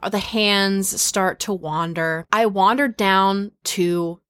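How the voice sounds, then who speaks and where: A young adult woman hosting a casual chat and reading out listener stories, talking in a lively, blunt and crude way. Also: mid-range voice, slow, clean tone.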